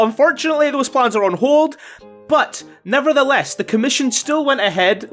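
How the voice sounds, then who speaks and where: A man's voice: high-pitched, a bit bright. A man hosting a casual reaction vlog, chatty, laughing often and swearing mildly. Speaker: YouTube host.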